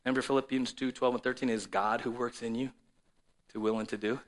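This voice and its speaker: A man preaching a sermon to a congregation and viewers at home, swinging between loud declarations and soft, low asides. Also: fairly even intonation, quick pace. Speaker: pastor.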